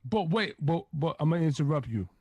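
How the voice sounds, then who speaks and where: A man with a fairly high voice co-hosts a casual sports chat. He keeps cutting in with jokes and counterpoints. His voice sounds dry and close. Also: expressive, brisk, darkish tone, slightly rough, dry recording. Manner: chiming in with jokes and interruptions.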